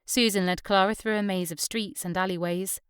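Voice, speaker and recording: Smooth-voiced woman narrating. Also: mid-range voice, steady tone, fairly quick, a bit bright, no room sound, clean studio sound. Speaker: audiobook narrator. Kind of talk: scripted narration.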